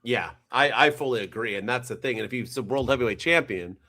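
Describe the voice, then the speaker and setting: Male podcast co-host, mid-pitch, casual, animated and rambling. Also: quick pace. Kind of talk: casual chat.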